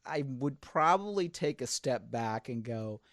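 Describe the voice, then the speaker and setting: A man's voice: mid-range voice, unhurried, no echo, studio quality. A man hosting a casual podcast chat, telling stories with energy and acting out the people he quotes. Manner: animated storyteller, acts out quotes. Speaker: podcast host.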